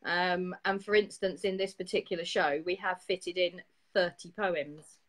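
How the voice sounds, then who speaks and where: A woman hosting a poetry show, reading poems in a steady, even way and chatting briskly with her co-host. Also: lowish voice, low-quality recording. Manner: steady, even reading with quick laughs in chat. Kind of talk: casual chat and reading poetry aloud.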